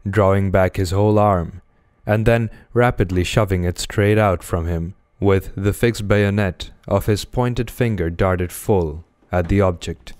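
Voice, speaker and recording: A man reading a novel aloud as an audiobook narrator, in a measured, expressive way. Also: low-pitched, no echo, clean studio sound. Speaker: audiobook reader.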